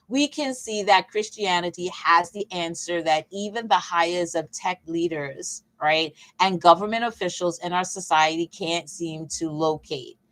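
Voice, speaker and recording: A woman coach leading a casual Bible teaching session, talking in a lively, conversational way with emphatic repeats and playful asides. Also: fairly low pitch, rough recording. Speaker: fitness coach and faith session leader.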